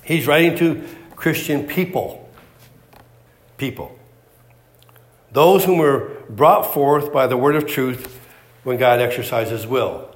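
A man's voice: mid-range voice, slow pace, long pauses. A man preaching a sermon, emphatic and repetitive, firing off rhetorical questions.

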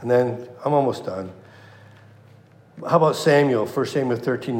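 Male preacher, middle pitch, impassioned sermon delivery with hushed drops, reverberant room. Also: a little slow. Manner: impassioned, swings from loud to hushed. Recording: echoey room.

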